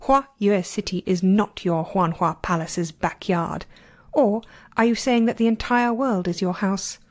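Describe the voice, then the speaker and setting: A delicate young girl disciple gives crisp, cutting retorts, as a woman reads her. The delivery stays cool and measured. It is an amateur storybook reading. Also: medium pitch, lightly acted. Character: sweet young female disciple turned sharp-tongued.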